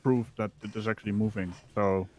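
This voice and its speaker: A man's voice: fairly low pitch, fairly even intonation, a little fast, darkish tone. A man chatting on a livestream who stumbles, repeats words and laughs often. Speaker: co-host on a livestream. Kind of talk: casual livestream chat.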